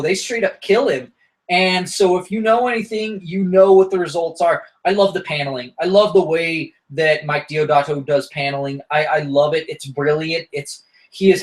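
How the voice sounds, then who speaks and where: Man, podcast host, casual comic chat, enthusiastic, rambling, slightly high voice. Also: rough recording.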